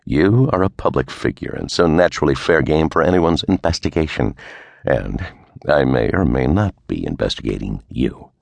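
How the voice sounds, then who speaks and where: A man voicing a cool, wry 1930s male private detective who talks in a dry, unhurried way in an audiobook. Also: a bass voice, lively intonation, vocal fry, no room sound, heavily acted. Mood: sardonic.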